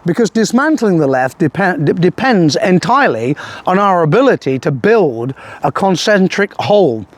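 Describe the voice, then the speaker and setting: An older man from England ranting through a political monologue, aggressive, profane and threatening, with halting restarts. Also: high voice, sing-song, no room sound. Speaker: political commentator.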